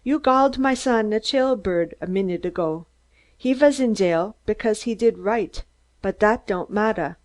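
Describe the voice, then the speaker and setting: A woman's voice: medium pitch, measured pace, close to an everyday voice. A woman reading an audiobook, voicing a heavyset, unsmiling man who speaks broken English and makes threats. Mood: menacing. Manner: menacing, ungrammatical speech.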